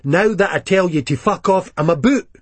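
A man's voice: sits high, moderate pace, husky, dry recording, voice pushed up. A man voicing a fierce, foul-mouthed young Scottish woman, scornful and cutting, with a Scottish accent.

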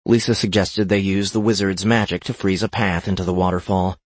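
A man reading a fantasy gaming story aloud in a steady narrating voice. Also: low-pitched, a little fast, no room sound.

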